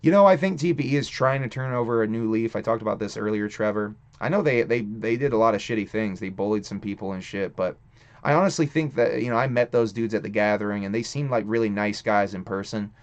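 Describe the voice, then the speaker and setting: A man's voice: lowish voice, fast. Rambling, profane male streamer, lo-fi audio. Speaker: streamer host. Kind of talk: casual live-stream chat.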